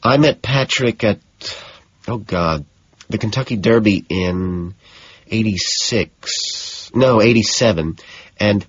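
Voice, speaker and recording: A man's voice: lowish voice, takes it slowly, breathy edge, no room sound. A man voicing a catty, bored young socialite. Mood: gossipy. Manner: drawling, gossipy and dismissive. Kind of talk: audiobook character voice. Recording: dull, dry lo-fi audio.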